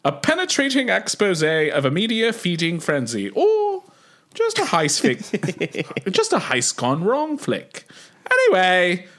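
Guy doing a hammy cartoony british voice, way high and loud, reading stuff out. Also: wildly swooping pitch, racing, hardly any pauses, heavily acted. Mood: theatrical. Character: exaggerated caricature British man reading aloud.

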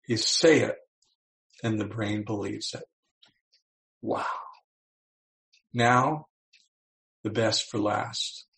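Gravelly-voiced male motivational speaker. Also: medium pitch, poor audio. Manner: animated, acts out quoted voices. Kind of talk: motivational talk to an audience.

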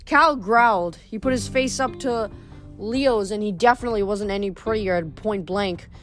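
A woman's voice: mid-range voice, normal speed, soft background music. A woman reading a novel aloud, stumbling and restarting words now and then. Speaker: reader.

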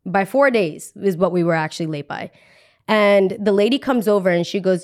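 A young woman hosting a podcast, telling a story in a casual, animated, chatty way. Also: mid-range voice, moderate pace. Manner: animated, chatty, heavy use of "like". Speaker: podcast host.

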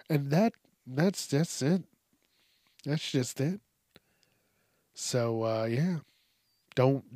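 Slow, rambling, profane male podcaster. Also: medium pitch, no room sound, studio quality. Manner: rambling, profane, self-interrupting. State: tired late at night. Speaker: podcast host. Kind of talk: casual solo podcast rant.

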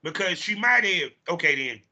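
A man's voice: high-pitched, expressive, moderate pace, bright, forceful tone, highs cut off. A man in a casual chat, blunt and laying out his argument point by point.

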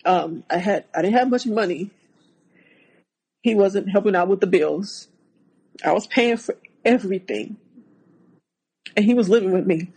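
A woman, a guest on an interview show, recounting a personal story haltingly, with many restarts. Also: mid-range voice, darkish tone, slightly rough, low-quality recording.

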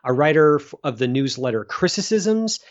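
A man's voice: a little high, moderate pace, lo-fi sound. A man hosting a film podcast, chatting casually with many restarts and asides. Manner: relaxed, rambling with restarts. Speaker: podcast host.

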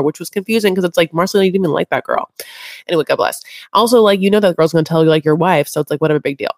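A woman's voice: on the low side, very fast, no room sound, clean studio sound. A woman co-hosting a podcast, recapping a reality show in an offhand, rambling, dismissive way. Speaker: podcast co-host. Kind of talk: casual recap chat.

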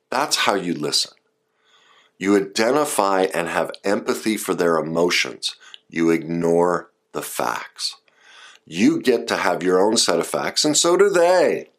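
Man, advice coach, low voice, lively intonation, emphatic direct-address talk. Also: unhurried. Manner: emphatic, acts out short example quotes.

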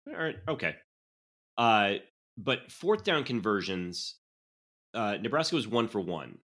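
A man's voice: lowish voice, measured pace. A man co-hosting a college sports podcast, reeling off stats in blunt, casual chat. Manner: animated, stat-heavy, blunt. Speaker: podcast co-host.

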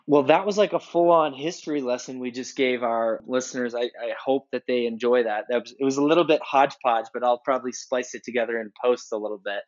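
Casual male podcast co-host, mid-pitched, chatty and rambling, slightly dull recording. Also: brisk, few pauses. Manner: rambling storyteller, frequent restarts. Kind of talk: casual chat.

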